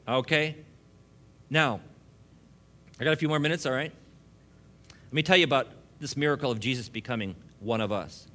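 Bright-voiced joking male preacher. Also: mid-range voice. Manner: jokey, laughing, preaching with rising emphasis. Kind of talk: sermon.

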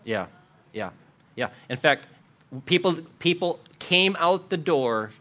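A man's voice: a little high, animated, takes it slowly, sharp tone. A man preaching a sermon, telling a story with lots of laughs and acted-out quotes. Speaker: pastor.

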